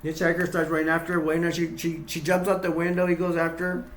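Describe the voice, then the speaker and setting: A man's voice: on the high side, flat delivery, fast, reverberant, a little hiss or hum. A man casually retelling a horror film scene by scene, rambling with restarts and acting out quotes in a raised voice. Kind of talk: casual acted-out retelling with toys.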